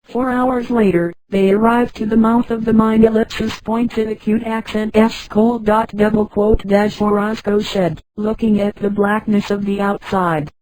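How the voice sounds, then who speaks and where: A text-to-speech woman's voice narrating a story in a flat delivery, reading punctuation marks aloud. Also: medium pitch, moderate pace, few pauses, no echo, rough recording.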